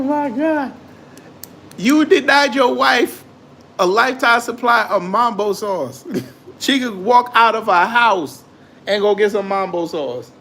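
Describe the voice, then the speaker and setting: A man with a high-pitched voice riffs through a casual commentary show, teasing and mocking, laughing at his own jokes. A faint hiss of background noise sits under his voice. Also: pushed and bright. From immigrant to the United States. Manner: joking, mocking, laughs often.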